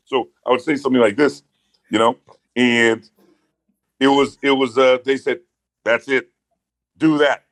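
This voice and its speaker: A man telling stories as a podcast guest, animated, with booming hype-man outbursts. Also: measured pace, long pauses, dry recording, poor audio. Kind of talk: casual podcast chat. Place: podcast studio.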